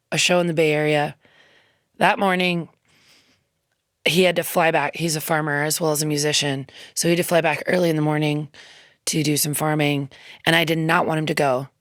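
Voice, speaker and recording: A woman's voice: low-pitched, no room sound. A woman musician, a guest in a radio studio, telling a heartfelt story in a chatty, loose way full of ums and quoted asides. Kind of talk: casual interview storytelling.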